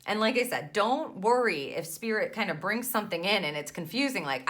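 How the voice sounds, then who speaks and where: Bright-voiced woman giving a spiritual reading. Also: mid-range voice, animated, fairly quick, hardly any pauses. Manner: soothing, affirming, frequent "right?" asides. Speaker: tarot reader and intuitive mentor. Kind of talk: spiritual card reading monologue.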